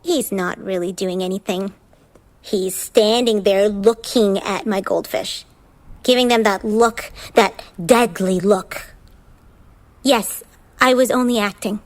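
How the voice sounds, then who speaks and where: A woman's voice: mid-range voice, steady tone, takes it slowly, close to an everyday voice. An actress playing a dramatic, theatrical woman in a stormy marriage, breezy and unbothered, with wry asides. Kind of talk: theatrical stage acting.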